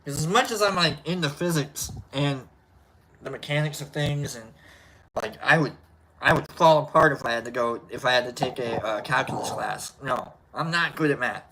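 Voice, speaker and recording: A woman's voice: extremely low pitch, normal speed, fairly bright tone. A woman hosting a casual solo stream, rambling and playful, often repeating herself. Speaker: host.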